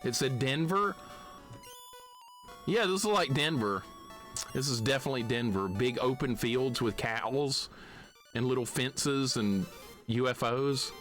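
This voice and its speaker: A man's voice: mid-range voice, unhurried, pauses often, a bit bright, faint music behind. A man from Alabama giving live commentary on a retro game, swearing at it and chuckling often. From Alabama, USA. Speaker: streamer.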